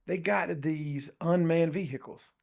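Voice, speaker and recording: Male podcast co-host, gravelly, rambling casual chat. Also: a little high, measured pace. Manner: animated, rambling, says "dude" and "um" often.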